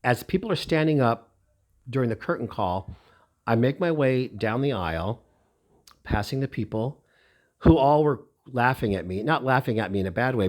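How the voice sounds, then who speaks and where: A middle-aged man telling a personal story in a lively, heartfelt way. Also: medium pitch. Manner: animated, emotional, lively retelling.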